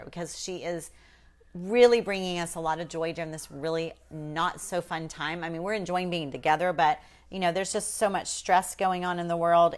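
A woman hosting a casual live painting demonstration, chatting folksily with viewers. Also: on the low side.

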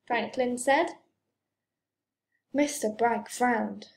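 A woman reading a children's storybook aloud in a gentle, expressive way. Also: fairly high pitch, slow pace. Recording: roomy echo.

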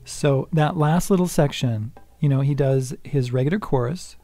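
An older man giving a casual guitar lesson, chatty and unhurried, counting beats aloud and singing lines softly. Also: mid-range voice, dry recording. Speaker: guitar teacher. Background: acoustic guitar playing.

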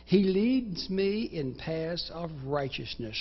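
Slow, gravelly-voiced preacher. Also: male voice, a little high, big pitch swings, lo-fi sound. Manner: dramatic, acts out inner voices in first person; recites scripture in slow, measured phrases. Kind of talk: sermon. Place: church sanctuary.

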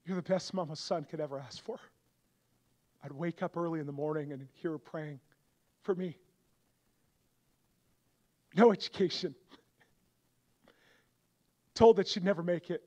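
A young adult man preaching a revival sermon, moving from quiet storytelling to loud, impassioned appeals. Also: measured pace, pauses often. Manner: builds from soft storytelling to loud, high-pitched fervor.

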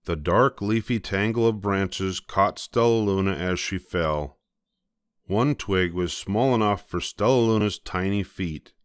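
An older man gently reading a children's picture book aloud, slowing down for the dramatic moments. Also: sits low, clear, resonant tone, dry recording, clean studio sound. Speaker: storybook reader.

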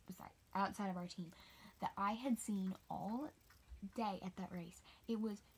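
A teenage girl telling a rambling storytime for her channel, chatty with many fillers and soft whispered asides. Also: medium pitch, measured pace, a little hiss or hum. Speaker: vlogger. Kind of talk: casual storytime.

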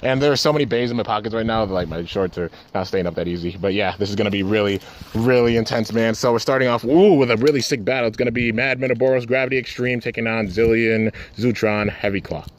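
A man giving casual, excitable play-by-play of his own toy battles outdoors, with his voice jumping up at big moments. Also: fast talker. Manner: excitable, says man and dude a lot, pitch jumps at big moments. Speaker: toy battle channel host. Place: outdoors, flies around.

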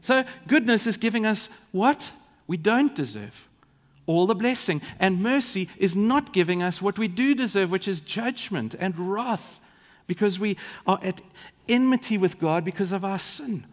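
A man's voice: high voice, animated, unhurried. A man from Africa, preaching a sermon in an earnest, vivid way with asides to the congregation. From South Africa. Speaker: pastor. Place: large church. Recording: long reverb of a church hall.

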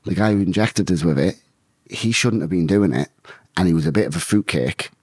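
Deep, husky man. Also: fairly quick, darkish tone, dry recording, clean studio sound. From England. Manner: blunt, swears a lot, rambling. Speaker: guest, bare-knuckle fighter. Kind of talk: casual storytelling.

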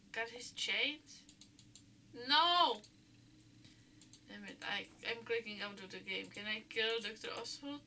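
A woman's voice: on the high side, bright, forceful tone, recorded from a distance, a little hiss or hum. A young woman from the Czech Republic, chatting and thinking aloud as she plays a game. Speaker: let's play host. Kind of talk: casual game commentary.

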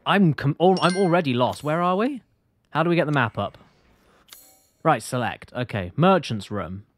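A man's voice: a little high, animated, normal speed. A man streaming a video game live, chatting loosely and rambling as he reads his chat aloud. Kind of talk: casual live-stream commentary.

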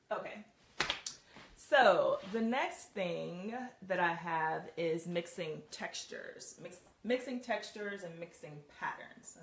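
Laid-back lady chatting about clothes, lots of ums, sounds far from the mic with faint hiss. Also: fairly low pitch. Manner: chatty, laughs often, many ums. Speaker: style coach. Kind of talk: casual live video demo. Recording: roomy, distant, faint hiss.

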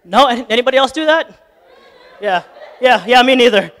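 A lay preacher with a very high-pitched voice and lively intonation delivers a sermon at a moderate pace, starting conversational with joking asides and building to fervent, impassioned shouting. Long church reverb fills the recording, with some chatter in the background.

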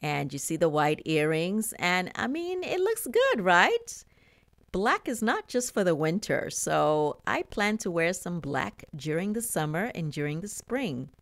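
A woman's voice: on the low side, big pitch swings, unhurried, gravelly, no echo. A middle-aged woman vlogging a fashion haul in casual chat, laughing often and talking straight to her viewers.

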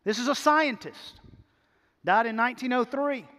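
A man's voice: very high-pitched, moderate pace, fairly bright tone, long reverb tail. A man preaching a sermon as pastor, emphatic, repeating words as he builds to a point. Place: church sanctuary.

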